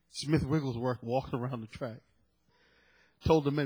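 Husky-voiced preacher man, emphatic. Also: mid-range voice, steady tone, a little slow. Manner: emphatic, repeats key phrases for effect; dramatic storytelling with sudden loud peaks. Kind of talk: sermon.

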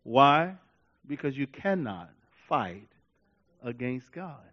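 A male pastor preaching a sermon in an animated way, laughing, repeating himself and telling stories. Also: medium pitch, slow pace, highs cut off.

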